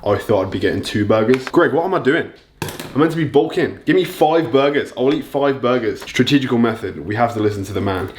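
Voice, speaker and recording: A man's voice: mid-range voice, lively intonation, fast. A young man vlogging casually as he cooks in a home kitchen, talking loosely, swearing freely and joking at his own expense. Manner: chatty, loose and profane, jokes at himself. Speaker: fitness vlogger. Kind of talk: casual cooking and diet vlog.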